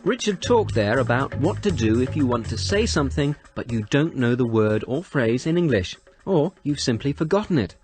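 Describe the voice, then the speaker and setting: A man's voice: mid-range voice, lively intonation, moderate pace, hardly any pauses, a little mellow, soft background music. A man hosting an educational podcast, summing up the guest's points and asking follow-up questions. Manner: summarising and prompting questions. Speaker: host.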